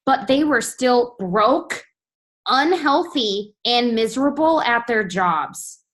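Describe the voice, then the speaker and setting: A woman in her twenties with a fairly high voice speaks in an earnest, soft-spoken way during a motivational team talk. She encourages listeners steadily, keeping an even, heartfelt tone. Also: slow pace. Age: 20s.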